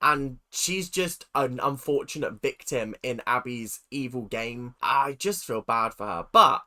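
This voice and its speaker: A woman's voice: extremely low pitch, unhurried. A woman hosting a reaction video, ranting and laughing in casual commentary. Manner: animated and ranting, laughing often.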